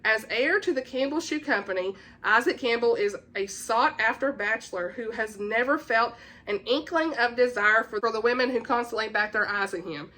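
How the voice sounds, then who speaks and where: Southern lady booktuber, kinda high voice, super chatty and gushy. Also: normal speed, pushed and bright. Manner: gushing and chatty, stumbles and laughs at own misreads. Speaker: book vlogger. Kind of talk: casual book chat, reading blurbs aloud.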